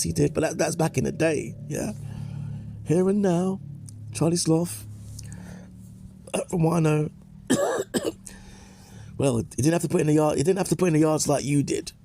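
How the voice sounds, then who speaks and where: A man's voice: on the high side, vocal fry, warm tone, a little hiss or hum. A man giving opinion commentary in a lecturing way, restating points and tagging them with "yeah?" and "okay?". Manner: emphatic, restates points for effect.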